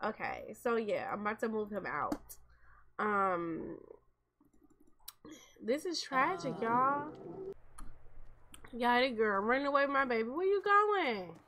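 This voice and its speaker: A woman's voice: a little high, slow, long pauses, a crowd in the background. A young woman, chatting casually over gameplay and talking to her viewers as "y'all". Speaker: gameplay commentator. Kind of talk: casual game commentary.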